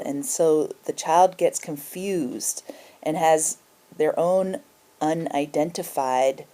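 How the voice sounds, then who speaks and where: A woman's voice: sits low, warm tone. A middle-aged woman explaining emotional boundaries in a spoken self-help lesson, acting out short bits of example dialogue. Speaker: emotional health teacher.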